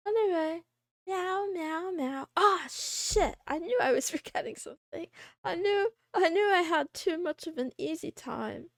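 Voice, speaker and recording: A woman's voice: very high-pitched, expressive, normal speed, vocal fry, fairly bright tone, no echo, clean studio sound. A woman VTuber chatting casually on a live stream, greeting her chat by name and joking and complaining about herself. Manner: playful, greets chat by name, meows and giggles; complaining, self-deprecating.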